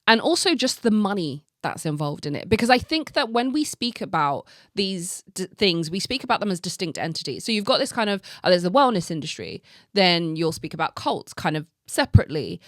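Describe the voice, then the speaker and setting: A woman hosting a podcast, telling a story in a casual, animated way, full of "like" and acted-out reactions, with some casual swearing. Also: lowish voice, normal speed, no room sound, studio quality. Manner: animated, heavy use of "like", acts out her own reactions. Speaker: podcast host.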